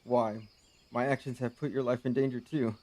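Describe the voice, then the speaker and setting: An actor playing a proud, bitter soldier who turned traitor, speaking formal, archaic lines in a game cutscene. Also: male voice, mid-range voice, fairly even intonation, moderate pace, darkish tone, natural voice. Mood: regretful.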